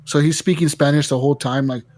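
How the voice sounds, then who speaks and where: A man hosting a casual gaming podcast, telling stories in an animated way and swearing a lot. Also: a little high, fast talker, no room sound. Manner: animated storytelling, heavy swearing. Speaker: podcast host.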